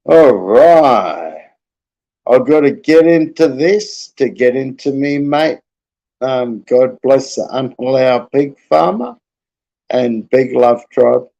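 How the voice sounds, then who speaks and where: A middle-aged man with a gravelly, dark voice drawls through a casual livestream chat. He talks slowly and rambles in a relaxed way, half mumbling as he fiddles with a device. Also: medium pitch, muffled recording. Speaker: livestream host.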